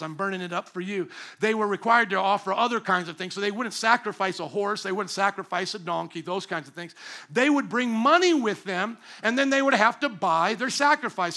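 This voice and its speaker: A man preaching a sermon as pastor, animated and asking the congregation questions, acting out imagined voices. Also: high voice. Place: church service.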